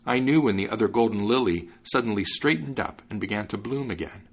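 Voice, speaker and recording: A man's voice: on the low side, brisk, husky. A man voicing a stern, anxious old father in a fairy tale. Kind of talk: storybook reading.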